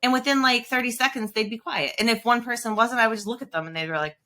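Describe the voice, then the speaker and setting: A woman hosting a podcast, a former principal telling stories in a casual, animated way with laughs. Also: a little high, quick pace. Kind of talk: casual conversational interview.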